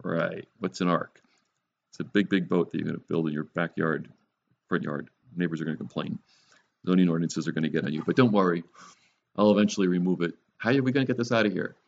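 A man's voice: sits low, fast talker, creaky, dull audio. A man preaching a conversational sermon, mixing scripture teaching with wry, sarcastic jokes. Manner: wry, joking asides with sarcasm.

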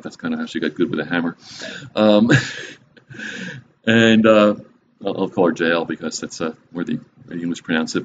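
A man with a lowish voice talks through a Bible passage in a relaxed teaching style, dropping in dry little jokes as he goes. The sound is a bit muffled and dull, with a faint hiss underneath. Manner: conversational, wry and joking.

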